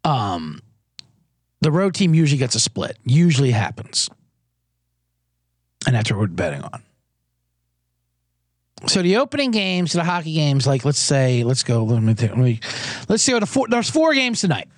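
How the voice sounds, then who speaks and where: A man's voice: medium pitch, wildly swooping pitch, moderate pace, long pauses, dry recording, clean studio sound. A man hosting a sports betting podcast in a casual, jokey, rambling way, often interrupting himself. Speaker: podcast host.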